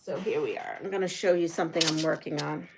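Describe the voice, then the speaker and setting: A woman hosting a quilting live stream, chatting casually, answering viewer comments and trivia questions as she sews, with frequent giggles and some drawn-out phrases. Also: sits low, creaky, background noise. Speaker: quilting channel host. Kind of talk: casual live-stream chat while sewing.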